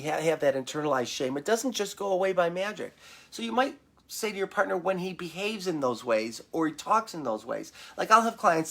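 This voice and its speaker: A male therapist from Michigan, United States, hosts a casual live stream from home on a webcam or computer mic, answering viewer questions. His voice is a bit high and gravelly, and he's animated, acting out client voices in a higher pitch.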